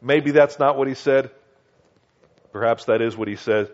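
A man preaching a conversational Bible teaching, often checking in with his listeners and slowing down to read scripture. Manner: conversational, asks listeners "Okay?" and "do you understand?"; reads scripture slowly and acts out quoted voices higher. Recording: dull lo-fi recording.

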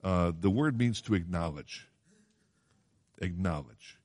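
Male preacher, lowish voice, chatty sermon delivery that keeps checking in with the congregation. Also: animated, slow pace, darkish tone. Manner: conversational, asks the congregation questions; quotes scripture in old-fashioned wording.

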